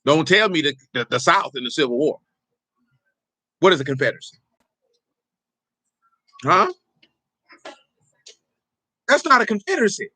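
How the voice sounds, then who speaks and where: Bright-voiced man preaching to his flock. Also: on the high side, animated, moderate pace, pauses often, no echo. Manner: teasing, banters with the congregation. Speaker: pastor. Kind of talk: informal teaching sermon.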